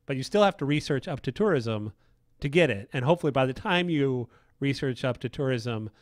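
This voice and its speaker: Chatty game designer, dry close sound. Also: male voice, medium pitch, expressive, brisk, dry recording. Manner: rambling, enthusiastic, many restarts and fillers. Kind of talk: casual livestream chat.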